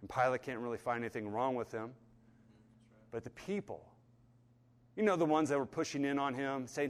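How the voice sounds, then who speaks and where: A man with a high voice preaches a storytelling sermon and slips into the voices of the people he describes. He moves between quiet, low passages and loud, fervent ones. His words ring out in a hall with a long reverb. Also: animated, normal speed. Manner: storytelling, acts out voices, swings from hushed to fervent.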